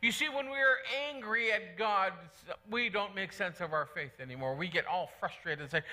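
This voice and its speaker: Bright, high-voiced preaching man. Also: moderate pace, few pauses. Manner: earnest, conversational preaching with repeated phrases. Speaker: pastor. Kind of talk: sermon. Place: church.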